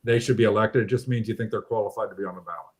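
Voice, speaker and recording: A man's voice: lowish voice, racing, breathy edge. A man hosting an online discussion over a video call, talking bluntly and animatedly with some mild swearing. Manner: blunt, animated, mildly profane. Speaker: host of a local politics livestream.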